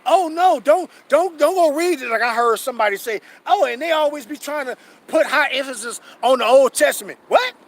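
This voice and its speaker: A man preaching outdoors, emphatic and profane, reading scripture slowly and asking rhetorical questions. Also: very high-pitched, a little hiss or hum. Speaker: street preacher. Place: outdoors on a city street.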